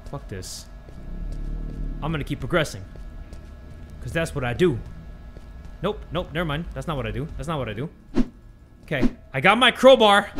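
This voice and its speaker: A young man, playing a horror game on his channel, swearing, muttering low and then screaming in fright or joy. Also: sing-song, moderate pace, long pauses, over music. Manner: jumpy, swears a lot, swings from muttering to screaming. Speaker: gaming YouTuber. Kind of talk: horror game let's play commentary.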